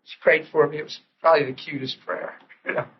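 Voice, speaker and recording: A middle-aged man delivers a sermon as a story, acting out the voices of the people in it. His voice sits high for a man. The old recording is dull and muffled, with faint hiss underneath. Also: fast. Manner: animated storytelling, acting out quotes, laughing. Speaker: preacher.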